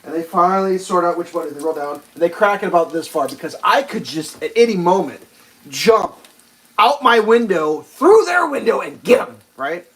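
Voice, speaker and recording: A man hosting a livestream, telling a rambling, profane story while he cooks and loudly acts out the quotes. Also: sits high, animated, moderate pace, breathy edge, poor audio. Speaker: livestream host. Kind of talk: casual storytelling while cooking.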